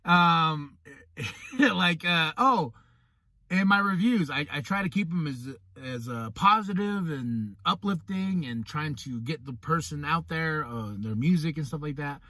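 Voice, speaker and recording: A man's voice: a little high, unhurried, dry recording, studio quality. A man hosting a podcast, talking casually and animatedly, acting out what other people say. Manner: animated, acts out quoted people. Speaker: podcast host. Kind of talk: casual monologue.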